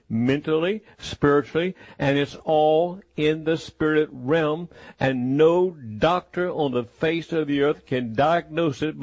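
A man preaching a sermon in a slow, emphatic, repetitive way. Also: a little high, darkish tone, no echo.

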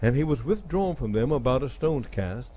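A man's voice: medium pitch, animated, normal speed, highs cut off, slight background noise. A middle-aged man preaching a sermon, retelling scripture dramatically and voicing the people in it. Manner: dramatic retelling, acting out speakers with sudden loud jumps.

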